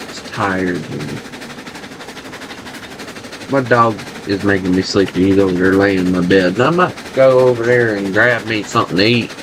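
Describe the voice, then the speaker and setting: A man's voice: lowish voice, level tone, brisk, few pauses, noisy background. A man with a Southern US accent, chatting loosely and rambling at home while he plays a video game. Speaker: gaming channel host. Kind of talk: casual gameplay chat.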